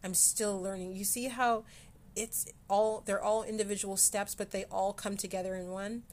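A woman's voice: mid-range voice, little pitch movement, moderate pace, a little mellow. A woman from Canada hosting a casual solo podcast, talking candidly with frequent restarts and casual swearing. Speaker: podcast host.

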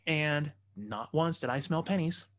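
A man's voice: fairly high pitch, animated, unhurried, a bit bright. A man telling a raunchy personal story in a casual podcast chat, profane and loose, laughing as he goes.

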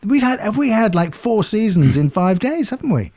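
A man's voice: sits high, sing-song, moderate pace, darkish tone, dry recording. Jovial man, dry sound. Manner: jovial, chatty, laughs often. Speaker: co-host. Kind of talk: casual chat.

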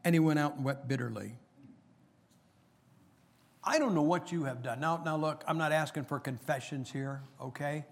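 A man's voice: a little high, moderate pace, vocal fry, long pauses. A middle-aged man preaching a sermon, chatting with the congregation and reading scripture aloud with rising emphasis.

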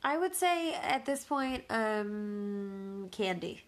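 A woman co-hosting a relaxed podcast chat. She has a middle-pitched voice and a teasing, easygoing way of talking, often breaking into laughter. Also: extremely slow. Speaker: podcast co-host. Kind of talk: casual chat.

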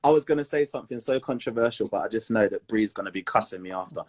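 A man's voice: lowish voice, fast talker, a little mellow, husky. A man co-hosting a podcast, joking around and stumbling over restarts. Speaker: podcast co-host. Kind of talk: casual chat.

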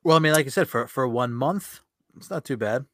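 A man's voice: mid-range voice, lively intonation, brisk, fairly bright tone, no echo. Man, interview host, casual chat, easygoing, encouraging, dry close sound. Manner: easygoing, encouraging, says "very cool".

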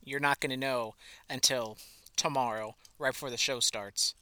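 A man's voice: medium pitch, steady tone, normal speed, pushed and bright, dry recording. A man co-hosting a casual sports podcast, talking loosely and teasing his co-host. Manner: conversational, teasing.

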